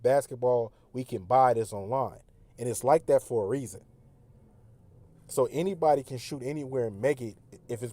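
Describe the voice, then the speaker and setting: A man's voice: medium pitch, warm tone. A man in a casual monologue, insistent and conspiratorial, talking slangy.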